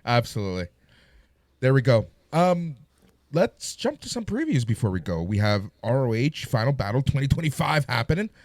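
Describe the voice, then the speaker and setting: A man's voice: mid-range voice, big pitch swings, normal speed, a little mellow, dry recording. A man co-hosting a wrestling podcast in casual chat, joking and moving the show along.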